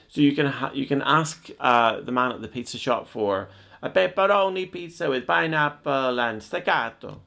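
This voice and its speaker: A man's voice: mid-range voice, lively intonation, normal speed, vocal fry, fairly bright tone. A man teaching cello in a video lesson, explaining step by step in a chatty, joking way.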